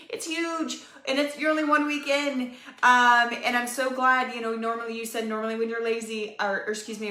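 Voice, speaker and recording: A woman's voice: medium pitch, bright, forceful tone. A woman giving an upbeat, encouraging live fitness coaching talk, speaking straight to her viewers. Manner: upbeat, encouraging, talks to viewers as "you guys". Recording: echoey room.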